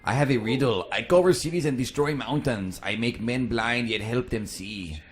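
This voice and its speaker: A man's hammy put-on Mexican accent, reading donations in character. The delivery is playful and exaggerated at a middling pitch. Game music plays behind the voice. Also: moderate pace, lightly acted.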